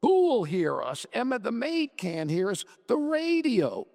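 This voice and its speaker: A man's voice: extremely high pitch, wildly swooping pitch, unhurried, gravelly, a little mellow, in a large hall, exaggerated voice. A man playing a weary, bitter husband. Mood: angry. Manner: exasperated, bitter. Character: weary, irritable middle-aged husband. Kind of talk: dramatic reading of a short story.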